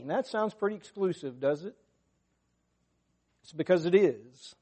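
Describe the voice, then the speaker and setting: A man's voice: sits high, animated, a little slow, long pauses, warm tone. A man preaching a sermon to his congregation, earnest and emphatic, rising in force when he quotes scripture. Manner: unscripted, talks to the congregation.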